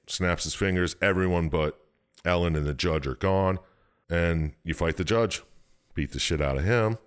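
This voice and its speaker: Low-voiced man, casual profane storyteller recapping a plot. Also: moderate pace, clean tone. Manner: rambling, profane, jumps into silly quoted voices. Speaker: podcast co-host recapping a game story. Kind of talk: casual chat.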